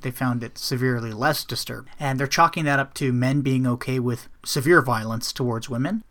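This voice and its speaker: Relaxed, mid-pitched male podcaster. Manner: relaxed, conversational, occasional laughs. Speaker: podcast co-host. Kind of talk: casual chat.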